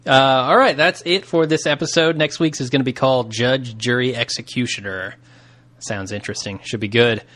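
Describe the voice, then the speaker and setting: A man co-hosting a casual podcast, laughing often and tossing in quick wisecracks. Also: mid-range voice, steady tone, a bit bright, no room sound. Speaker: podcast co-host.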